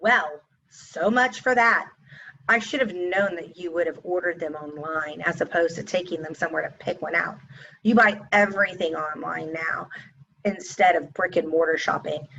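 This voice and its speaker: A woman's voice: fairly low pitch, moderate pace, gravelly, fairly bright tone, a little hiss or hum. A woman, a teacher and mother telling a casual storytime to camera in a sassy, exasperated way. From Texas. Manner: sassy, exasperated, talks straight to viewers. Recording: slightly dull lo-fi recording.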